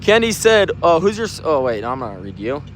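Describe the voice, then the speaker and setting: A young man casually chatting on a livestream at night outdoors, reading viewer comments in a relaxed, slangy way. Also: fairly high pitch, quick pace, slight background noise. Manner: laid-back, slangy, reads comments aloud. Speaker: livestream host reading chat. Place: outdoors at night on a work site.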